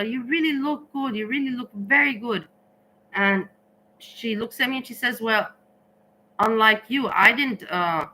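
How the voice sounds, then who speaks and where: A tired woman chatting casually in a vlog, rambling and halting with many restarts and fillers. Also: a little high, bright, forceful tone, slight background noise, low-quality recording. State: tired, slow thinking. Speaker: vlogger.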